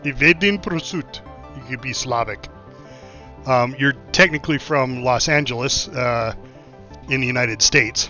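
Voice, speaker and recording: Man streamer, bright forceful voice, chatty gameplay commentary, dull lo-fi mic with faint music behind. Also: mid-range voice, steady tone, measured pace. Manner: chatty, thinking aloud with many fillers.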